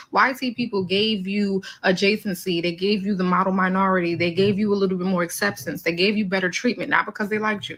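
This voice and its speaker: A woman's voice: mid-range voice, fairly bright tone, breathy edge, rough recording. A woman giving an emphatic opinion monologue, making numbered points in blunt, profane slang. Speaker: commentator.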